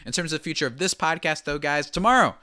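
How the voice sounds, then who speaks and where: A man's voice: a little high, lively intonation, fast talker, bright, forceful tone, no room sound, studio quality. A young man hosting a podcast, talking energetically and rambling with lots of fillers. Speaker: podcast host. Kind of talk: casual podcast chat.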